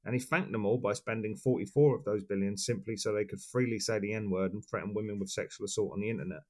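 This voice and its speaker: Low-voiced man reading a sweary rant. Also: fast. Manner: sweary, deadpan insults. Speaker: podcast co-host. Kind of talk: reading a scripted rant, then casual chat.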